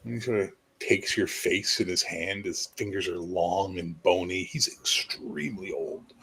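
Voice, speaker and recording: A man's voice: sits low, fairly even intonation, unhurried, bright, forceful tone. A man narrating as game master in a tabletop game, rambling casually with many fillers.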